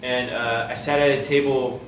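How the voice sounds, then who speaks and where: A man's voice: medium pitch, flat delivery, moderate pace, recorded from a distance. A young man from the United States telling a story in casual chat, full of "like" and quoting himself. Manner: rambling, fillers like "like", quotes himself. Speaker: vlogger telling how the couple met. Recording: roomy, from off mic, faint hum.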